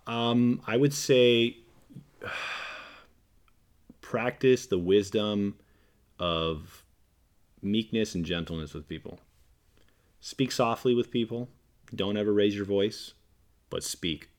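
A man's voice: lowish voice, slow pace, long pauses. A man talking as a podcast guest, earnest and preachy, repeating phrases for emphasis and acting out quoted lines. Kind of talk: casual podcast discussion.

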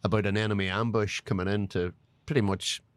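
A middle-aged man, relaxed as he tells stories in a talk show interview. His voice sits on the low side and sounds dry and close. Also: brisk, smooth, dry recording. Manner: relaxed storytelling. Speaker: guest, master distiller. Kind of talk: interview answers.

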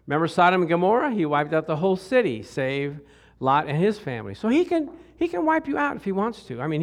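Middle-aged male preacher, easygoing sermon voice, keeps asking the congregation questions. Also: sits high. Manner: conversational, asks the crowd questions, jokes and laughs.

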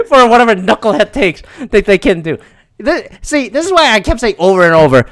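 A man's voice: sits high, sing-song, a little slow, pauses often, fairly bright tone. A man from Philadelphia hosting a solo podcast, ranting profanely and animatedly and laughing between thoughts. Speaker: podcast host.

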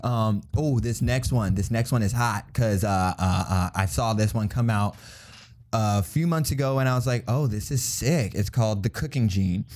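Laid-back young man, dark voice. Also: on the low side, moderate pace. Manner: rambling, laughs often, imitates people. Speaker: podcast co-host. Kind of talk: casual chat.

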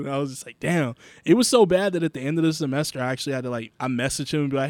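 A man's voice: mid-range voice, fast, few pauses, a little mellow, no room sound. A young man co-hosting a podcast, telling a story in loose, profane, filler-heavy talk. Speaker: podcast co-host. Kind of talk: casual storytelling chat.

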